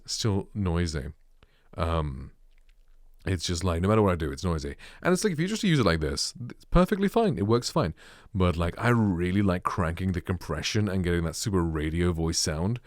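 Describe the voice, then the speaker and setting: A British man with a dark, bassy voice reviewing microphones in a casual vlog, rambling with lots of "like" and fillers. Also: no room sound, studio quality. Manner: rambling, filler-heavy, full of "like". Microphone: close studio microphone.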